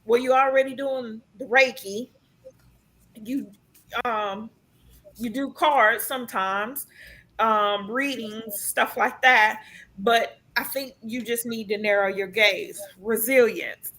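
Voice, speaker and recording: A woman's voice: a little high, slow pace, sharp tone. A woman giving a casual live card reading to her sibling, chatty and earnest, with many ums and restarts. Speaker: tarot card reader.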